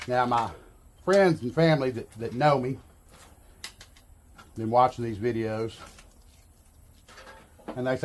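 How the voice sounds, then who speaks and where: A man's voice: mid-range voice, lively intonation, normal speed, long pauses, darkish tone, slight background noise. A middle-aged man from Arkansas with a Southern drawl, rambling in a folksy, self-amused way as he vlogs a DIY job. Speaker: vlogger. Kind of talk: casual DIY vlog talk.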